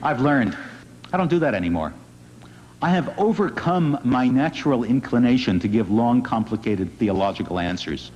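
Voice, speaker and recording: A man, a rabbi, giving an inspirational public talk in an earnest, gently wry storytelling manner. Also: medium pitch, expressive, moderate pace, a little hiss or hum. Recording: dull lo-fi recording in a reverberant hall.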